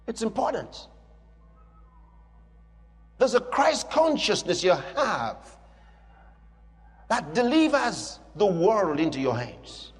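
A male preacher with a strikingly high, lively voice delivers a sermon in emphatic, repeated declarations. His voice rings through a large hall with a long reverb tail. Soft music plays underneath. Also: slow pace, pauses often.

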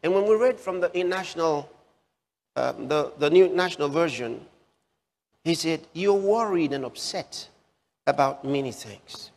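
A man preaching a sermon, slow and emphatic, repeating key phrases for effect. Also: a little high, expressive, vocal fry, a little mellow, in a large hall.

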